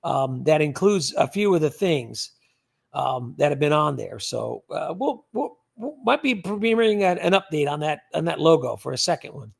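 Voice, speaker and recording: An older man hosts a casual livestream, reading viewer comments and rambling with repeated words. His voice sits high for a man and has a gravelly edge. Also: big pitch swings, normal speed. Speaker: livestream host.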